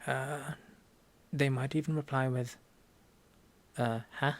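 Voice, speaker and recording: Gravelly Norwegian man, whispered role-play. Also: medium pitch. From Norway. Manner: soft-spoken, halting, deadpan joking. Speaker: ASMR creator playing a language teacher.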